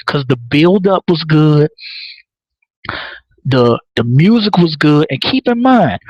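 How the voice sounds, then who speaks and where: Animated, profane man recapping a show. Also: fairly high pitch, no room sound, poor audio. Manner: profane, excitable, laughing often. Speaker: podcast host. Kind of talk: casual live recap.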